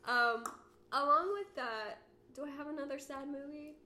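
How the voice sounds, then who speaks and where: A nineteen-year-old woman co-hosting a podcast in casual, giggly chat with quick asides. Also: high-pitched, sharp tone, slight background noise. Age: teens. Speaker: podcast co-host.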